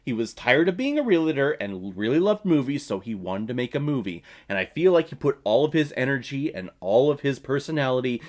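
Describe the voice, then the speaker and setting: A man ranting casually in a movie review, exasperated and profane, with a mocking tone. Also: mid-range voice. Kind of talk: casual film review rant.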